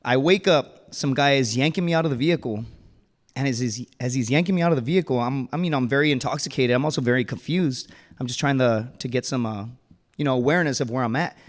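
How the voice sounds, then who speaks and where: A man's voice: mid-range voice, quick pace. A man in his thirties telling a true story on stage, casual and joking, with slangy asides and chuckles. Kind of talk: live personal storytelling. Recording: reverberant hall.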